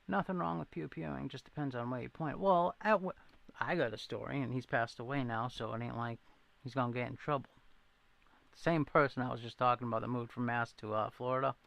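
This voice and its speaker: A man's voice: medium pitch, steady tone, brisk, vocal fry, fairly bright tone, no echo, highs cut off. A man hosting a casual livestream, chatting with viewers and telling rambling stories with frequent laughs. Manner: rambling storyteller, laughs often; says he needs his glasses to read chat. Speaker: livestream host. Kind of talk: casual livestream chat reading comments.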